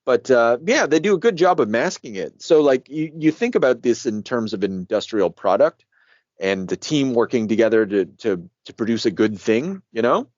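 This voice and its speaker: Guy hosting a comics podcast, super animated, laughs a lot, curses, dry muffled sound. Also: mid-range voice, moderate pace, no echo. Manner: animated, laughing, swears freely. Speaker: podcast co-host. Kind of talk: casual comic book discussion.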